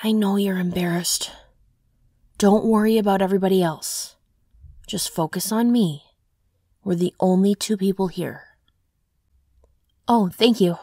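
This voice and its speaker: A young woman voicing a caring girlfriend in an audio role-play, talking softly and reassuringly to her partner. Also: medium pitch, a little slow, pauses often, dry recording, clean studio sound. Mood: soothing. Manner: soft, reassuring, tender.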